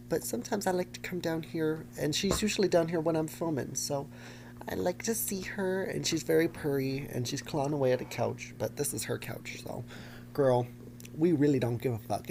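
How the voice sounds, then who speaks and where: A man's voice: on the high side, gravelly, darkish tone, slight background noise. A young man from the United States hosting a casual solo podcast from his basement, with a dramatic, campy, self-mocking delivery. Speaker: podcast host. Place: home basement.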